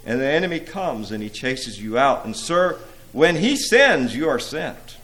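A man's voice: medium pitch, sing-song, measured pace, a bit bright, pitched above the performer's own voice. A man voicing a cackling, boastful male imp. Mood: quivering.

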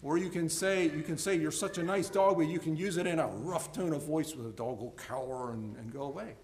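Male preacher, raised pitch with a gravelly edge, sermon delivery that surges loud and falls quiet, restarts with repeated words. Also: fairly quick, a little hiss or hum. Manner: rises to loud emphatic peaks, then drops low and soft.

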